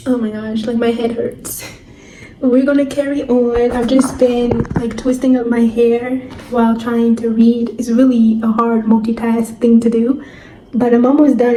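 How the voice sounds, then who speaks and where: A young woman chatting excitedly in a reading vlog, gushing and filling her talk with "like.". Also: a little high. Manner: excitable, gushing, drawn-out "like" fillers. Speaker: book vlogger. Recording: echoey room, faint background noise.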